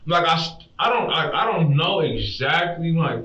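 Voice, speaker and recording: A man's voice: fairly high pitch, animated, moderate pace, bright, forceful tone. A young man in his twenties, a suspect in a police interrogation, talking in a distressed, rambling, slangy way. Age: 20s. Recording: roomy, distant, muffled interrogation room audio.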